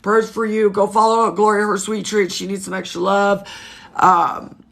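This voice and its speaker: A woman in her thirties talks into her phone on a casual livestream, her voice bright and forward. She speaks frankly and emotionally, swears freely, and greets viewers by name as they comment. Her pitch sits in the middle for a woman. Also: level tone, unhurried, gravelly. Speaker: livestream host.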